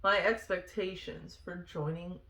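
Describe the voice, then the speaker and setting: Woman, ex-Marine vlogger; candid, exasperated storyteller with a sharp bright tone, roomy echo. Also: fairly low pitch, steady tone, unhurried. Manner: candid, exasperated, swears freely. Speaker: former Marine telling service stories. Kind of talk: casual storytelling vlog.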